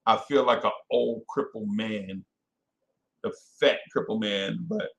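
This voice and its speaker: A man hosting a casual fan podcast, animated and self-correcting, calling out listeners by name. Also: on the low side, measured pace, creaky. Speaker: podcast host. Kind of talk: casual live-stream chat with fans.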